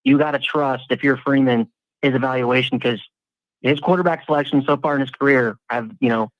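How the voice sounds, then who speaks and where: A man's voice: medium pitch, steady tone, a little fast, dry recording, lo-fi sound. A man in casual sports talk, analyzing football at length with frequent restarts.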